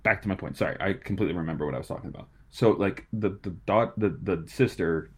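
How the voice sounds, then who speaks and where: A man's voice: sits low, fast talker, breathy edge. A man casually discussing a movie with a friend, rambling and slangy, often restarting his sentences. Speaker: podcast co-host.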